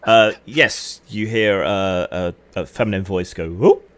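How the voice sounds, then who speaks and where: Deep-voiced male game master. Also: unhurried, clear, resonant tone. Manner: relaxed, descriptive, hedging with "sort of". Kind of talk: narrating a tabletop game online.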